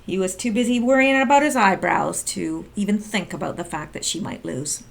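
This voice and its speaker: A woman's voice: mid-range voice, fairly quick, gravelly. A middle-aged woman doing casual political commentary, reading documents aloud and reacting with sarcastic exclamations.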